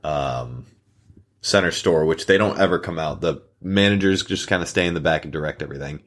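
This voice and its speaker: A man's voice: a bass voice, a little fast, fairly bright tone. A young man, a podcast co-host, telling long workplace stories in casual chat, full of fillers and little acted quotes. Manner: rambling anecdotes with acted quotes, frequent fillers.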